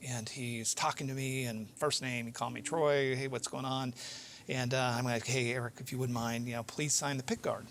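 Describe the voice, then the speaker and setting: A man's voice: mid-range voice, fairly even intonation, normal speed, fairly bright tone, a little hiss or hum. A man hosting an interview podcast, telling a long anecdote casually, with many fillers and restarts. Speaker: podcast host.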